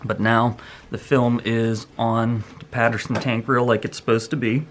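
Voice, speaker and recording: A man explaining a hands-on film photography task step by step, in a relaxed, rambling way, thinking aloud as he works. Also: mid-range voice, moderate pace, background noise. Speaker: photography instructor. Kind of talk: hands-on tutorial.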